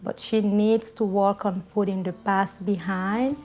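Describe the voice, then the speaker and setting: A woman's voice: mid-range voice, fairly even intonation, mellow. A woman recalls a friend's hard times in an interview, telling the story and acting out the dialogue. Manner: unhurried storyteller, acts out dialogue.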